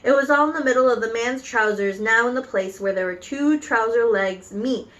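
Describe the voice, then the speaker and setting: A woman reading a children's book aloud with animated storytelling and occasional slips. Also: fairly high pitch, normal speed, muffled recording. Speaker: reader.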